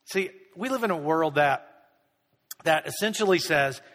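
Male pastor, bright forceful tone, conversational sermon with quick character asides, long hall reverb. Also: fairly high pitch, animated. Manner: conversational, acts out people's voices in quick asides.

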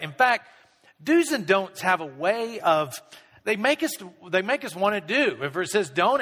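Guy preaching in a big echoey hall, high voice, chatty, does little voices of people. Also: fairly bright tone. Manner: conversational, acts out people's voices in quick asides. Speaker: pastor. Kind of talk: sermon.

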